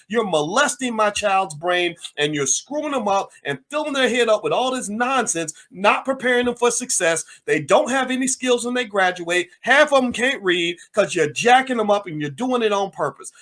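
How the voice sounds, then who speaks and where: A man's voice: high-pitched, very animated, moderate pace, few pauses, fairly bright tone. A man giving impassioned political commentary, firing off angry rhetorical questions.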